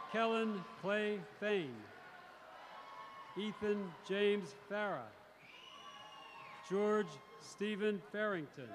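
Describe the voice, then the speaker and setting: High-voiced man reading graduates' names. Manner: measured, announcing each name, with brief self-corrections. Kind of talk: ceremony name reading. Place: large indoor arena at a graduation. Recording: crowd noise in a large arena. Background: crowd cheering.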